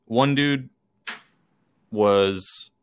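A man's voice: lowish voice, extremely slow, smooth. A young man from Texas, co-hosting a podcast and telling rambling, swear-laden stories full of fillers. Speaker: podcast co-host. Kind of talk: casual chat.

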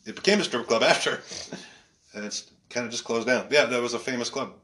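A man chats about his stand-up career in a bright, forward voice. He tells stories with lots of energy, laughs often and swears freely. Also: mid-range voice, fairly quick. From Canada. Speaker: stand-up comedian guest. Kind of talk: casual podcast chat.

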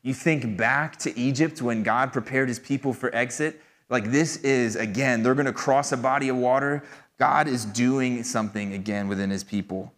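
A man's voice: medium pitch, normal speed, a bit bright. A man preaching a sermon in a loose, conversational way, with frequent fillers and asides. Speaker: pastor. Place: church hall. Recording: long hall reverb.

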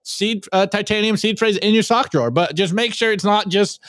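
A man hosting a podcast, reviewing memes in casual, energetic chat and often repeating words as he starts sentences. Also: high voice, moderate pace, dry recording, clean studio sound. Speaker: podcast host.

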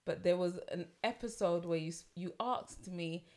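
A woman's voice: fairly low pitch, normal speed, a little mellow. A woman co-hosting a podcast, chatting frankly with many fillers. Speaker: podcast co-host. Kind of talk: casual chat.

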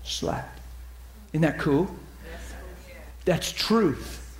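A man telling ministry stories in a sermon, acting out the people he quotes and dropping to a soft near-whisper at tender moments. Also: fairly high pitch, big pitch swings, drawn-out words, echoey room. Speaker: preacher. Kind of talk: storytelling sermon.

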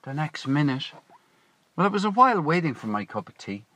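A man's voice: on the high side, very animated, fairly quick, bright, forceful tone, slight background noise. A man telling a long, rambling story to camera in a casual vlog, often correcting himself and drifting into asides, speaking from a parked car. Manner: chatty, digressive, self-correcting. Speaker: vlogger.

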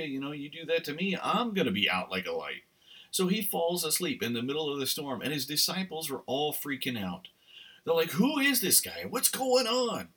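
Talk host: rambling male storyteller, tense bright tone, set back from the mic. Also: on the high side, husky, far from the mic. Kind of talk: casual commentary monologue.

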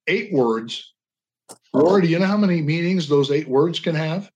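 An older man speaks as a radio guest, with a voice pitched a little high for a man. He tells stories earnestly and passionately, pushing his intonation up and down for emphasis. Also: moderate pace, a little mellow, muffled recording. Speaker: guest, veteran advocate. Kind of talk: storytelling radio interview. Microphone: radio call-in line.

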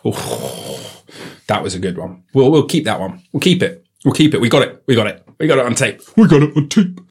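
A man's voice: lowish voice, very animated, fairly quick, gravelly, husky. A man hosting a comedy podcast into a studio mic, riffing playfully and repeating bits in silly voices. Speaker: podcast host. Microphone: studio microphone.

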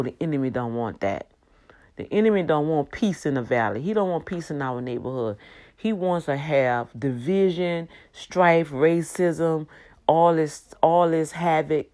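Low-voiced woman in her fifties. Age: 50s. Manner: animated, exclamatory, preachy. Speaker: faith vlogger. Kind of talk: casual faith talk to viewers.

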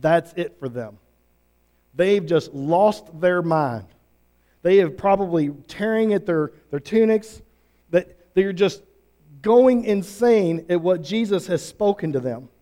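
A pastor preaches to his congregation in a high-pitched voice. He presses each point hard and repeats words for stress. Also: animated, slow, warm tone. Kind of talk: sermon.

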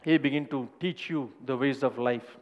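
A man preaching a sermon in a long-echoing hall, his voice sitting at an ordinary middle pitch. He speaks earnestly and stacks repeated phrases one after another as he shares his own story. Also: normal speed, muffled recording. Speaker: pastor.

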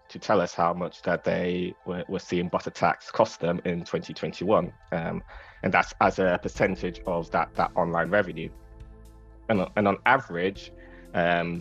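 A man working as a security researcher, talking in a relaxed, wry, conversational way as a podcast guest. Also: low-pitched. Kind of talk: podcast interview.

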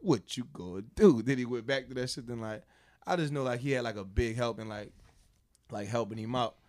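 A man's voice: medium pitch, fairly even intonation, fairly quick. A man telling a story in casual chat, loose and rambling, full of fillers, acting out what people said. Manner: loose, drawling storyteller, lots of fillers, acts out quotes.

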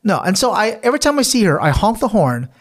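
A man hosting a casual teachers' podcast. His pitch swings widely as he tells animated stories, and he swears freely along the way. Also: fast. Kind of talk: casual chat.

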